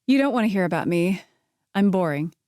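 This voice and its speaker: A woman reading the part of a curious young woman who asks lively questions and is a little wary. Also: lowish voice, brisk, no echo, studio quality, natural voice.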